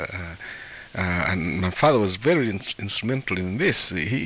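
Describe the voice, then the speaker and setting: A man from Africa, an author and translator of folktales, telling a story in an interview in an animated way, chuckling and repeating words. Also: sits low.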